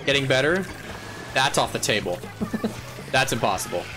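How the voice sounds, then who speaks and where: A man streaming a game live, chatting to viewers in a playful, goofy way, laughing often and yelling when he wins. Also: mid-range voice, sing-song, normal speed, music in the background. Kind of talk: casual live gameplay chatter.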